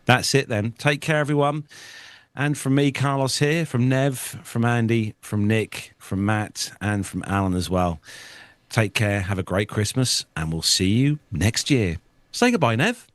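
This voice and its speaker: A man's voice: fairly low pitch, unhurried, no room sound. A man hosting a casual podcast, chatty and genial, thanking each guest in turn. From United Kingdom. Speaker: podcast host. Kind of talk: casual podcast chat and sign-off.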